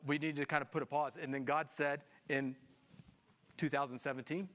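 Animated, bright-voiced preaching pastor. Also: male voice, fairly high pitch, brisk. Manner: animated, swinging from hushed to shouting. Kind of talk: sermon.

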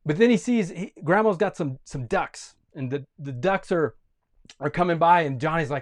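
A pastor giving a sermon, telling a story with lively energy and frequent restarts. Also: male voice, a little high, moderate pace.

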